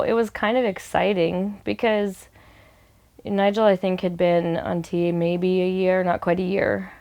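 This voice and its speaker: Young woman interviewee, fry in the voice, easygoing and unhurried in delivery. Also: fairly low pitch, muffled recording. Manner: relaxed and hesitant, many fillers. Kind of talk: documentary interview.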